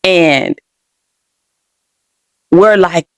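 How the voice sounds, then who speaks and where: A woman's voice: on the low side, drawn-out words, smooth, no echo. A young adult woman hosting a podcast, telling a personal story candidly and with feeling, speaking straight to her listeners. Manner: candid, emotional, addresses listeners directly. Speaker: podcast host.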